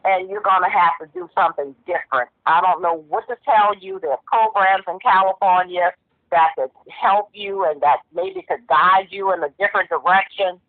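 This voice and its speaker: A woman's voice: fairly low pitch, normal speed, no room sound. A woman with a Southern US accent, a mother on a phone call, lecturing her grown child bluntly and sternly. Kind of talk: phone conversation. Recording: tinny phone line.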